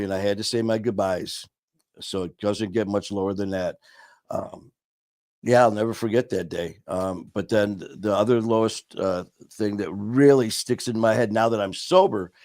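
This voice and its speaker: A man co-hosting a casual recovery talk show, speaking earnestly and telling personal stories, dropping quieter on painful moments. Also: lowish voice, no echo. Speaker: podcast co-host.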